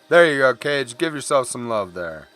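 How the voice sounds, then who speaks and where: A middle-aged man rambles on in a relaxed, candid way while he draws on a live stream. His pitch rises and falls freely as he talks. He keeps apologizing for his own swearing. Soft music plays quietly behind him. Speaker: artist streaming while drawing. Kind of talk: casual chat while drawing on stream.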